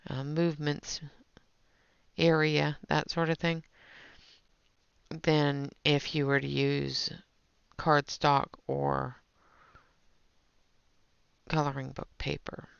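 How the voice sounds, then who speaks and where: A woman's voice: low voice, level tone, takes it slowly, creaky, long pauses, smooth, no room sound. A woman hosting a live colouring stream, chatting casually with viewers while she works. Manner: chatty, talks to viewers in chat while working. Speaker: livestream host. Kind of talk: casual livestream chat while demonstrating colouring. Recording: dull lo-fi stream audio.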